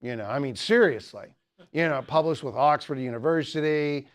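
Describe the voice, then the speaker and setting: A man's voice: a little high, normal speed. A man giving a humorous teaching talk at a student apologetics club, rambling with many jokes and asides.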